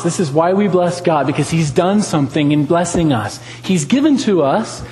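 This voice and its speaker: A man's voice: a little high, darkish tone, big-room sound, low-quality recording. A man preaching a sermon, talking with animation, asking the congregation questions and repeating lines for emphasis.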